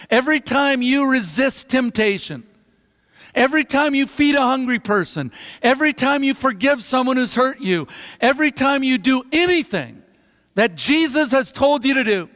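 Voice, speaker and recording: A pastor preaching a sermon, with dramatic pauses and drops to a hush at the ends of phrases. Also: male voice, very high voice, animated. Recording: reverberant hall.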